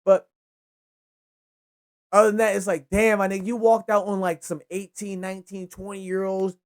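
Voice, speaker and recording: A young man hosting a casual solo football recap, rambling and excitable, with frequent profanity. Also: sits high, normal speed. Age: young adult. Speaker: sports show host.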